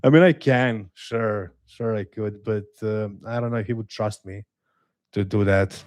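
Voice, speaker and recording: A man with a Slavic accent hosting a live watch-along stream, reading chat aloud and answering in a relaxed, hesitant, self-deprecating way with dry humor. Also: lowish voice, unhurried, no room sound. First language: a Slavic language. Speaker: livestream host reading chat.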